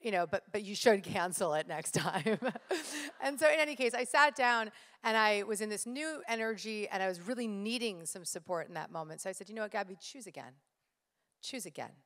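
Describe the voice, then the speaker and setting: A woman's voice: medium pitch, lively intonation, brisk, fairly bright tone. A woman speaking live to an audience, telling stories with energy and addressing the crowd directly. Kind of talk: motivational live talk. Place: stage in a large hall. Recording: live hall with reverb.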